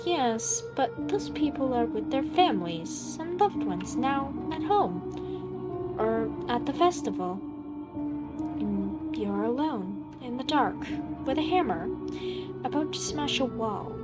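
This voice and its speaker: A woman plays an unsettling stranger who sounds caring but won't let go. The voice sits high and unhurried, gently pressing its point. Loud game music plays beneath. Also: animated. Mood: calmly menacing. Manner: soothing, overly caring, insistent. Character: eerily polite stranger, calm and unsettling.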